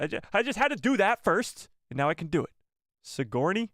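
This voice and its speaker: A man's voice: on the high side, very animated, fast talker, a bit bright, no room sound, studio quality. A man hosting a casual live stream, joking with his chat and mocking himself.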